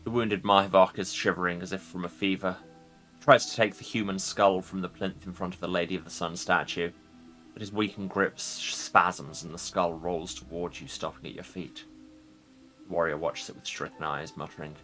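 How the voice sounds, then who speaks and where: A man's voice: low voice, steady tone, a little fast, sharp tone, faint music behind. A man streaming a game, reading its text aloud with casual joking asides. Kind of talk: let's play with narration read aloud.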